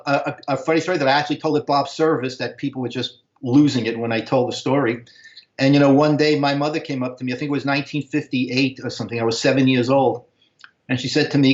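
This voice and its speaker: A man, casually telling animated stories, and he sometimes acts out voices in a high, excited tone. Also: fast. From Brooklyn, New York. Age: 60s. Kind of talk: casual storytelling. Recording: echoey, dull video call audio.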